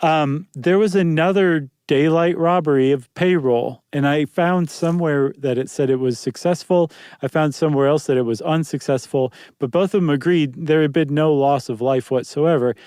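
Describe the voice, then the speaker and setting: A man's voice: a little high, normal speed, few pauses, darkish tone, smooth, dry recording, studio quality. A man co-hosting a podcast, talking in a loose, casual way with lots of ums and restarts. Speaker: podcast co-host. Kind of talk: casual chat.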